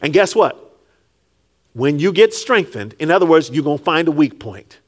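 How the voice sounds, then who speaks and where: A man preaching a sermon with call-and-response, rising to shouts and dropping low, acting out scripture figures. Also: moderate pace. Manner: animated, call-and-response, rises to shouts then drops low; acts out Jesus and Peter in quiet low tones.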